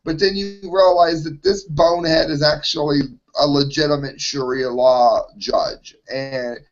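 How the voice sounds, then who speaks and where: A man's voice: on the high side, steady tone, measured pace. A man on a casual panel chat, riffing sarcastically on the news. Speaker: panel regular. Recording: dull lo-fi stream audio.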